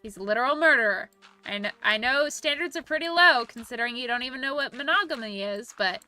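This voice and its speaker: A woman streamer chatting casually and quickly, reacting to her viewers' comments. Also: a little high, lively intonation, sharp tone, clean tone, soft background music. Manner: chatty, rapid, reacting to chat. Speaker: livestreamer. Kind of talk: casual livestream chat.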